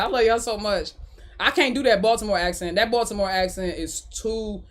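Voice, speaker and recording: A woman's voice: mid-range voice, brisk. Laughing, chatty woman podcast host. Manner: animated, laughing often, swearing, repeating phrases. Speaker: podcast host reading live chat. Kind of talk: casual live-stream chat.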